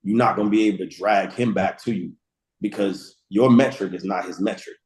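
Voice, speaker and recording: A man in his forties, a guest speaker, telling lively stories with casual slang and acted-out quotes. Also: on the low side, a little fast, roomy sound, low-quality recording. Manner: storytelling with slang, acts out quotes. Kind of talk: animated motivational talk.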